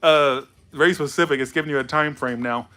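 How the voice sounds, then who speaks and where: A man's voice: fairly high pitch, brisk, sharp tone. A tipsy man doing a loose, rambling, playful tarot reading. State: tipsy from alcohol. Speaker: tarot reader.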